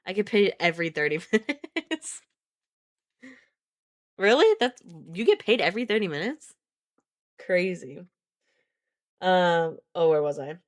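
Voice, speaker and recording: A woman's voice: on the low side, lively intonation, moderate pace, long pauses. A woman streamer reading a book aloud on a live stream, often stopping to laugh, react and reread lines.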